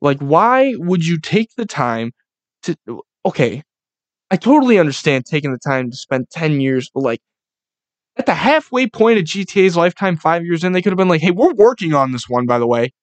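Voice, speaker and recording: A young man hosting a casual solo podcast, ranting in a profane, excitable, rambling way. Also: a little high, moderate pace, no echo. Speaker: podcast host.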